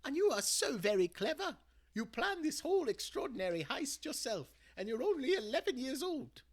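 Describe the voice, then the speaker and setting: A man voicing a warm, cheeky elderly grandmother in a storybook read-aloud, mostly in a high whisper. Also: very animated, moderate pace, exaggerated voice. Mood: tender.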